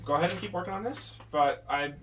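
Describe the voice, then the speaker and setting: A man's voice: high voice, quick pace, a bit bright, slight background noise. A man teaching a private drum lesson, patient but firm, correcting his student and counting out beats. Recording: distant mic with drums in the room.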